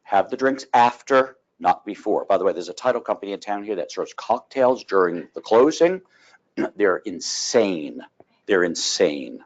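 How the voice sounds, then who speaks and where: A man teaching a continuing education class on real estate law, telling folksy stories and clearing his throat often. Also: fairly low pitch, animated, moderate pace, lo-fi sound.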